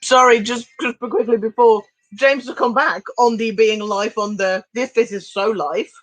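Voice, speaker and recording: A woman from Switzerland co-hosting a live stream in casual chat, talking quickly with lots of fillers. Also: a little high, steady tone, no echo, low-quality recording.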